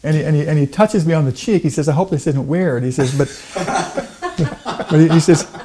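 A middle-aged man talking casually in an interview, halting and repeating words with many fillers. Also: on the high side, expressive, background noise. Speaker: guest, Lincoln portrayer.

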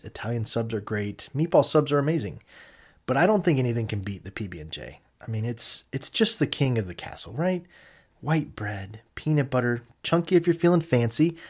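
A man hosting his own casual podcast, speaking alone to listeners in an easygoing, rambling way. His voice sits in a middle range, and he leaps into high, loud exclamations when something excites him. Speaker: podcast host. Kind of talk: solo casual podcast monologue.

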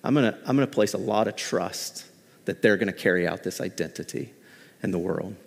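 A man voicing Jesus as a calm, reassuring grown man, lower and quieter than his own delivery. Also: fairly quick, vocal fry, big-room sound.

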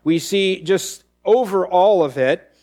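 A man's voice: high voice, slow, darkish tone. A man preaching a verse-by-verse sermon, reading scripture aloud and explaining it with frequent restarts. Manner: teaching, reads scripture aloud, many restarts. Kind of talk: expository sermon.

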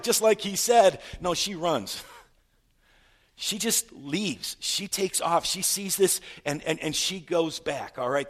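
A man preaching a sermon, retelling a story with stammered repeats and rhetorical questions, swinging from loud to hushed. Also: fairly high pitch. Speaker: pastor.

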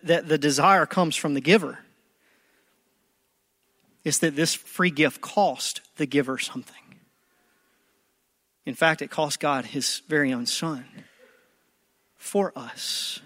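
A preacher man with a slightly high voice, delivering a sermon with big swings between quiet, intimate moments and loud, pleading ones. He acts out prayers in other people's voices. The sound is dry and close, with no room around it. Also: dry recording. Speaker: pastor.

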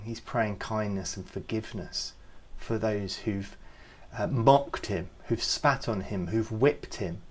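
A man hosting a youth ministry podcast, giving an earnest, reflective devotional talk with some gentle humour. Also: medium pitch.

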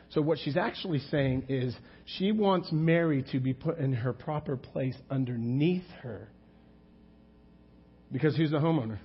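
A man's voice: a little high, slightly rough, highs cut off. A male pastor preaching a sermon in a conversational, rhetorical way, often calling out to the congregation.

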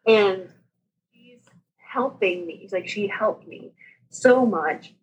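Chatty woman telling a lively story. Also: medium pitch, takes it slowly, breathy edge, dull audio. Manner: animated, laughs often, acts out quoted people. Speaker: podcast guest sharing her birth story. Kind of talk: casual storytelling chat.

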